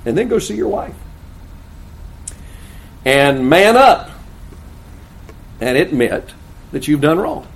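A man's voice: a little high, big pitch swings, slow pace, creaky, long pauses. An older man preaching a sermon to pastors, with earnest, folksy storytelling.

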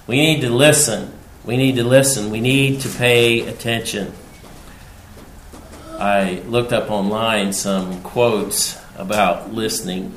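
Guy pastor preaching slow and deliberate, gets loud on the bible verses, echoey church with a little hiss. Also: medium pitch. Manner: measured preaching, rising loud emphasis on scripture quotes. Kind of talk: expository sermon. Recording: roomy hall sound with faint background noise.

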